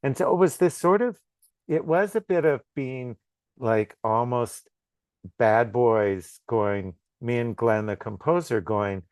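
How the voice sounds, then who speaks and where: A man's voice: medium pitch, no room sound, studio quality. A middle-aged man, a film director, talking in a casual interview and often restarting his sentences. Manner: halting, repeats words when starting.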